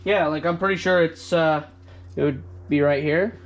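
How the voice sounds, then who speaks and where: A man's voice: fairly high pitch, steady tone, moderate pace, muffled recording. A man co-hosting a car garage vlog, rambling casually and swearing now and then as he talks shop. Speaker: co-host of a car garage channel. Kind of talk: casual chat. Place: home garage.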